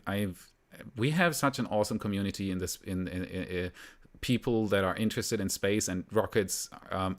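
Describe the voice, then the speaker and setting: A man from Germany hosting a live stream, chatting casually and rambling a little, with frequent fillers and soft laughs. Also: fairly low pitch. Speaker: livestream host.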